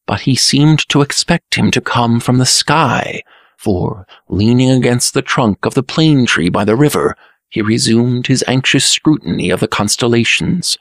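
A man narrating a fairy tale aloud in a lively, expressive reading. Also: medium pitch, unhurried, gravelly, dry recording, clean studio sound. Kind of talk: storybook narration.

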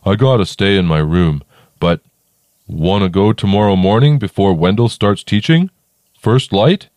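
A man's voice: fairly low pitch, measured pace, darkish tone, dry recording, studio quality, close to an everyday voice. A man voicing a big, clumsy young dragon who talks in an earnest, whiny way in a storybook reading. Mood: eager.

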